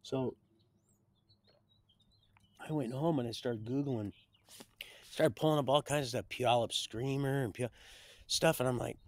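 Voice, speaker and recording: A man's voice: medium pitch, unhurried, long pauses, dry recording. A man telling a rambling personal story on a livestream, often repeating and restarting his words.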